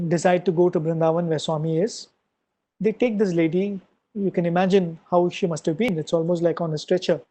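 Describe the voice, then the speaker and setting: Mellow-voiced man telling a story. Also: sits high, poor audio. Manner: earnest storyteller acting out quoted dialogue. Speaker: invited speaker at a devotional gathering. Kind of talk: spiritual talk, storytelling.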